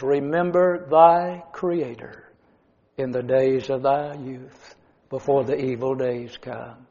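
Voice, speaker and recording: Preacher, muffled and echoing. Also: male voice, on the high side. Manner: dramatic swings from loud emphasis to hushed endings. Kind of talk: sermon. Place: church.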